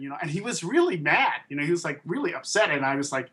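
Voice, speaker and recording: Animated man telling a story. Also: on the high side, fast, hardly any pauses. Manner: animated storyteller who acts out quoted voices. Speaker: puppet and toy designer being interviewed. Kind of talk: casual anecdote telling.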